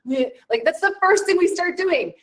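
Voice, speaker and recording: A woman wellness coach hosting an online challenge, talking in a chatty, rambling and animated way with many fillers. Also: extremely high pitch, moderate pace, poor audio. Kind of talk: casual chat.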